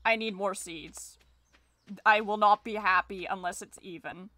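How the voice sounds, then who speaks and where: A woman's voice: mid-range voice, a little slow, pushed and bright, dry recording. A woman streaming a farming game, rambling in casual commentary, mocking herself and swearing freely.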